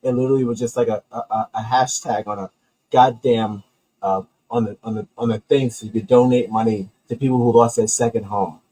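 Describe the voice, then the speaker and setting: A man with a husky, slightly rough voice hosts a homemade comedy commentary show. He rants in a heated, profane, rambling way, restarting sentences as he goes. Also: medium pitch, fairly even intonation, a little fast, dark tone, low-quality recording.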